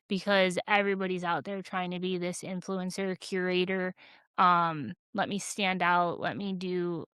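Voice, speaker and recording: Woman podcast co-host, chatty, animated, dry close sound. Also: on the low side, clear, resonant tone, dry recording. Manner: animated, chatty storytelling full of "like". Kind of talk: casual chat.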